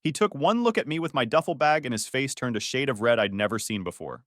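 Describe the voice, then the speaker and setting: A young man narrating a first-person story in an even, reflective way. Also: mid-range voice, fast talker, no room sound, clean studio sound.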